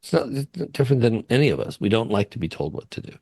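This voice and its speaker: A man's voice: medium pitch, sing-song, fast talker, a little mellow, slightly rough, no echo. A man who works as a wealth advisor, chatting in an interview and telling stories with easy laughs. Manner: chatty storyteller, laughs easily. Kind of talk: casual interview chat.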